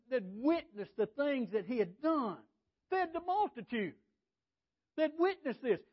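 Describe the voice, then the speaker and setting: A man preaching a sermon, folksy and conversational, often repeating his words. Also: extremely high pitch. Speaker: pastor. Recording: dull lo-fi sound.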